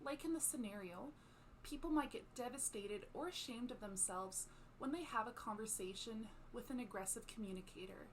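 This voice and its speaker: A woman presents a scripted psychology lesson in a calm, explanatory way. Her voice sits fairly high, with a faint hiss in the background. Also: normal speed. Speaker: psychology educator. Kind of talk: scripted educational narration.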